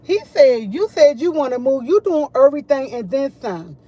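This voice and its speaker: A middle-aged woman chatting casually to camera, full of animated retellings of what others said. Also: high voice, moderate pace, highs cut off. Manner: animated, quotes others a lot. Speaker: vlogger.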